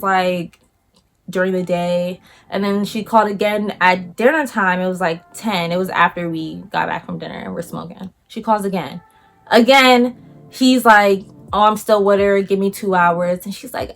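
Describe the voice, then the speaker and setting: A woman vlogger telling a casual story in a lively way, acting out what other people said and using a lot of slang. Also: fairly high pitch.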